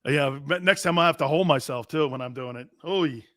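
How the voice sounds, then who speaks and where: A man's voice: on the high side, no echo, studio quality. A middle-aged man hosting a sports talk show, brash and opinionated. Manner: brash and animated, quick to laugh.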